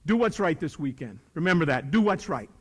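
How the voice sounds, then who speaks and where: A man's voice: a little high, very animated, a little fast, husky. Emphatic older man in a reverberant hall. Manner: emphatic, joking, preacher-like repetition. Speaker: motivational speaker. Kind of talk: speech to a youth leadership audience.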